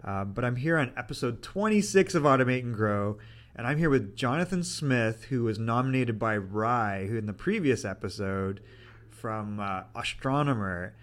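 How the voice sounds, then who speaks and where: A man's voice: medium pitch, animated, moderate pace. A man hosting a podcast who chats casually and jokes at his own expense. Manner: playful, self-deprecating. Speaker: podcast host. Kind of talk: casual interview.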